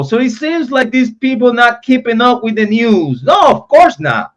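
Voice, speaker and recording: A man's voice: very high voice, sing-song, normal speed. A young man hosting a true crime live stream, ranting in a heated, profane, repetitive way. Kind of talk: angry live-stream rant.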